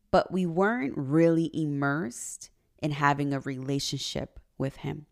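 A woman's voice: extremely low pitch, creaky, a little mellow. A woman hosting a podcast, talking in an earnest, confessional way about her marriage and faith, and sometimes getting emotional. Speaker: podcast host. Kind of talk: personal faith podcast monologue.

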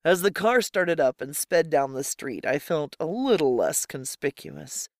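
A narrator reading a first-person story in a steady, measured way. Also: medium pitch, dry recording, clean studio sound. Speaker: audiobook narrator.

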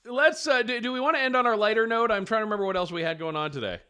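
Bright, smooth-voiced wry man. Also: high voice, very fast. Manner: wry, amused, chatty. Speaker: co-host of a political commentary show. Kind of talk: casual political commentary.

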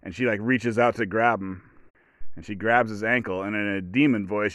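A man's voice: fairly low pitch, steady tone, moderate pace, fairly bright tone, no room sound, clean studio sound. A man hosting a casual solo podcast, rambling as he retells movie scenes and acts out the quotes. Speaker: podcast host.

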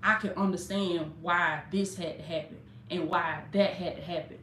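A woman's voice: lowish voice, steady tone, moderate pace, a bit bright, a little hiss or hum. A woman preaching a live-streamed sermon, fervent and talking straight to her listeners, a little jittery from coffee. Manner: fervent preaching with casual direct address. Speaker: life coach and preacher. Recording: echoey room.

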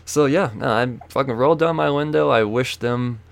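A young man hosting a podcast, telling a story as a profane comedic rant, full of swearing and shouted quotes. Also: medium pitch, moderate pace, creaky. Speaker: podcast host.

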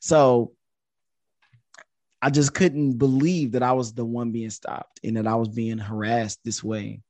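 A man in his thirties, a podcast guest, telling a story in a casual, animated way and jumping up in pitch when he quotes himself. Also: measured pace, no echo. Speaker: podcast guest, social media influencer.

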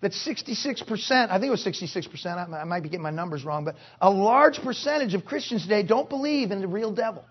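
High, husky-voiced preaching man. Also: expressive, quick pace, hardly any pauses, highs cut off. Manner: forceful preaching with joking asides. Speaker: pastor. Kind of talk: sermon. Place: conference hall.

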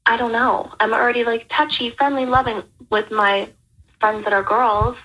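A woman's voice: a little high, steady tone, normal speed, bright, forceful tone. A woman leaving a rambling, earnest voicemail question for a podcast. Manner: rambling, earnest, searching for words. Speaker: voicemail caller. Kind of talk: recorded voicemail. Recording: voicemail over a phone line.

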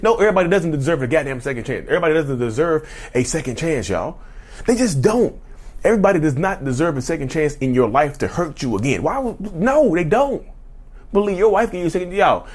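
Husky Southern man ranting to camera. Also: mid-range voice, a little mellow. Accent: Southern US drawl. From North Carolina, US. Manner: emphatic, blunt, profane, repeatedly addresses viewers as y'all. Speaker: YouTube channel host. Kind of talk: unscripted rant to camera.

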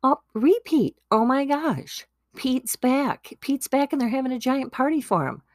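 A woman voicing an excited young farmhand who breathlessly gossips the news. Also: high voice, measured pace, dry recording, studio quality, voice pushed up.

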